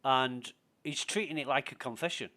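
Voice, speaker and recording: Man, mid-pitched, casual gaming streamer who rambles and swears his way through anecdotes. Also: moderate pace, bright, forceful tone. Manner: rambling storyteller, swears freely. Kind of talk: casual voice chat while gaming.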